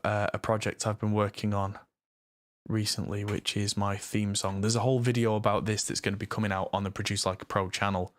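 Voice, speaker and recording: A man's voice: lowish voice, dry recording. A man from the north of England with an English accent, chatting casually and rambling on a live stream while he mixes. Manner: rambling, chatty, self-deprecating. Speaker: mixing engineer and streamer.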